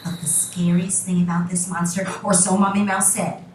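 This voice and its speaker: A woman teacher telling a children's story to her class with drawn-out repeated emphasis. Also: on the low side, little pitch movement, a little mellow, a little hiss or hum. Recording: roomy classroom from a distance.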